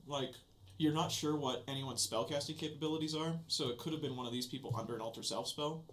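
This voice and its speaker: A man running a tabletop game as game master, describing scenes in a relaxed, casual way. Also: medium pitch, fast talker, a little hiss or hum.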